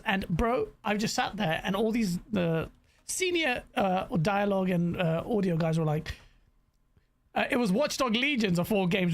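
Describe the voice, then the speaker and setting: A man with a London accent chatting as a podcast co-host, telling stories in an animated, slangy way and laughing often. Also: high-pitched, creaky. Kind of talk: casual chat.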